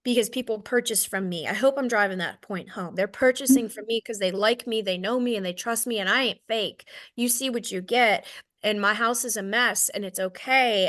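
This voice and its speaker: Her pitch sits fairly high and her tone is sharp. She's a woman in her thirties with a Southern American accent, leading an easygoing, honest sales training session, joking at her own expense and frequently adding "okay?"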